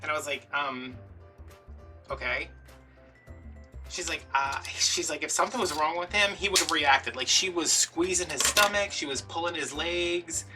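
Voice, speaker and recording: A man, chatting and telling an animated story while he makes a craft at home. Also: a little high, moderate pace, recorded from a distance, music in the background. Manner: chatty, animated, acts out quotes. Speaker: craft vlogger.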